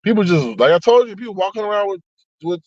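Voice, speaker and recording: A man's voice: high voice, very animated, quick pace, dry recording, muffled recording. A man in casual chat on a live stream, reading viewer comments aloud and talking back to them. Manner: chatty, reads comments aloud, frequent laughs and asides.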